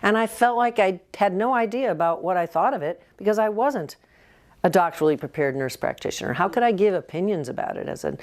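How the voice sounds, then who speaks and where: A woman's voice: mid-range voice, lively intonation, a little fast, darkish tone. A woman in her sixties, a nurse practitioner, telling personal stories earnestly in an interview and acting out what others said. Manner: earnest storytelling, acting out quoted voices. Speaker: nurse practitioner and health coach, guest. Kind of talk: casual interview talk.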